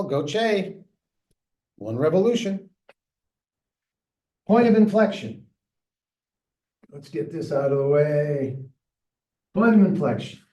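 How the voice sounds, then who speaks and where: A man teaching a math lesson, thinking aloud and chatting with himself as he works each problem. His voice is dark and mellow and sits a way back from the mic, in a roomy, echoey space. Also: a little high. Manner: thinking aloud, chatty and self-talking while solving. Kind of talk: recorded classroom lecture working problems. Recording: echoey room, mic far off.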